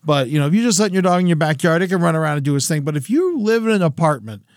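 A man's voice: a little high, big pitch swings, rapid-fire, no room sound, studio quality. A man co-hosting a podcast in a laid-back, rambling way, swearing freely. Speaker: podcast co-host. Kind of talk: casual chat.

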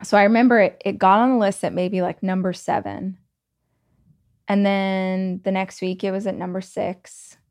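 A woman's voice: medium pitch, moderate pace. Chatty Southern American woman storyteller. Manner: chatty, animated, many "like"s and laughs. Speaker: podcast host and author. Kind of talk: casual storytelling monologue.

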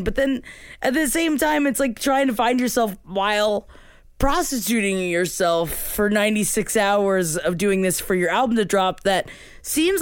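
Co-host, mid-range pitch, dry close-miked sound; blunt, skeptical gossip voice. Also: clean tone, dry recording. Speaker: podcast co-host. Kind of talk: casual gossip chat.

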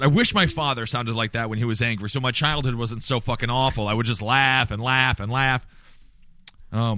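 A man hosting a podcast in casual comedic chat, profane and rambling, breaking into loud mock outrage. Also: mid-range voice, dry recording, studio quality. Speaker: podcast host. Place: bar venue.

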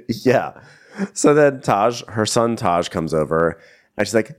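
Middle-aged male co-host, very low voice, swings up and down a lot while gossiping and laughing. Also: expressive, takes it slowly. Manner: chatty storyteller, laughs often, mimics quotes. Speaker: podcast co-host. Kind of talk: comedic recap chat.

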